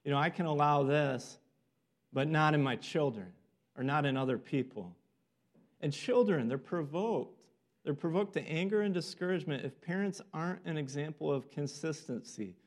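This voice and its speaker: A man's voice: on the high side, moderate pace. Earnest man preaching a sermon. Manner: earnest, acts out quoted voices.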